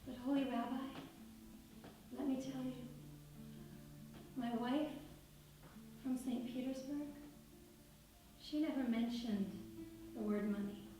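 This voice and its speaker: A woman's voice: high-pitched, steady tone, takes it slowly, pauses often. A woman storyteller voicing a remorseful male drunkard who earnestly pleads with a rabbi. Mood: pleading. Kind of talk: told story. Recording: echoey room from far off, music behind.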